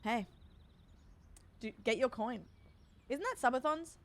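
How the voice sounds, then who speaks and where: High-voiced, unhurried woman streamer. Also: lively intonation. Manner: emotional, giggly, swears freely, thanks donors. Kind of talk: casual live-stream chat.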